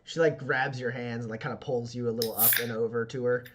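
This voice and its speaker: A man's voice: mid-range voice, steady tone, quick pace, background noise. Rambling game master man. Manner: rambling, filler-heavy, full of "like". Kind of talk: narrating a tabletop game.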